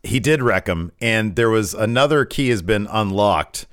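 A man with a lowish voice talks through a wrestling show in easygoing podcast chat. He rambles and restarts his sentences a lot. The sound is dry and close, with no room around it. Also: expressive, normal speed, no echo. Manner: rambling, frequent restarts and fillers. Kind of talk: casual chat, recapping matches.

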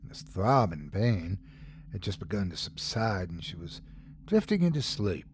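Slow, dramatic male horror narrator. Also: low voice, sing-song, slight background noise. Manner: dramatic, swells and drops for suspense. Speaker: host and narrator. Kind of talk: scripted horror story narration.

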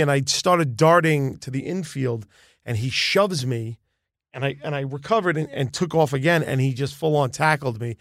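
A man who is a comedian guest, telling a story in relaxed, chatty podcast talk. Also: fairly high pitch, moderate pace, no echo, clean studio sound.

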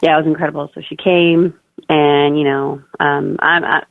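A woman's voice: deep voice, flat delivery, normal speed, creaky, no echo. A young woman, a first-time mother, tells her birth story as an interview guest in a chatty way, full of "like" and "you know". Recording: tinny, dry phone-line audio.

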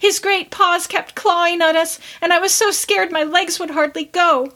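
A woman voicing a frightened little farm girl in a storybook reading, with a high piping voice. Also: fairly even intonation, moderate pace, bright, forceful tone. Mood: scared.

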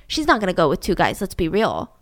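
A woman voicing a crude, scheming young man who talks bluntly in a lowered voice. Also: wildly swooping pitch, fairly quick, dry recording, clean studio sound.

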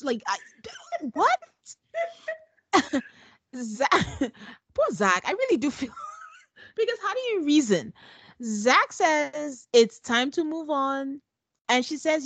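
Animated laughing woman podcast host. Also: high voice, unhurried, pauses often, no room sound. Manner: animated, laughing often, acts out quotes. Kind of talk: casual recap chat.

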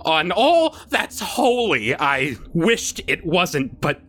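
A young man narrating a first-person horror story with a wry, nervous edge. He stammers and restarts often, and his pitch swings widely from low mutters to high yelps. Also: big pitch swings, takes it slowly, a bit bright. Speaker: narrator, voice performer.

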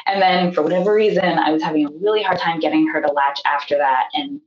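A woman's voice: low-pitched, fairly even intonation, fast talker. A young woman telling her birth story in a chatty, casual way, filling it with likes and acted-out quotes. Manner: chatty, acts out quoted voices, many fillers. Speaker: podcast guest. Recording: echoey, dull remote audio.

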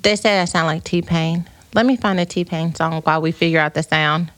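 A woman's voice: fairly low pitch, steady tone, normal speed, fairly bright tone, no room sound. A woman from the United States hosting a live podcast, chatting playfully with viewers, reading their comments, and turning reflective and faith-minded. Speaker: podcast host. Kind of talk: casual livestream chat with viewers. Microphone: streaming camera setup.

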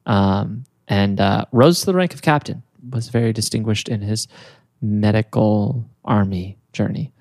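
Young male podcast co-host, gravelly voice, rambling casual storyteller. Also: fairly low pitch, unhurried, a little mellow. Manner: rambling, many fillers, giggles often.

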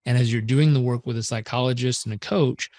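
A man's voice: mid-range voice, a little fast, no echo. Earnest storytelling man, dry sound. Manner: earnest, animated storyteller, swears casually. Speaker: podcast guest, performance coach. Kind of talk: casual interview storytelling.

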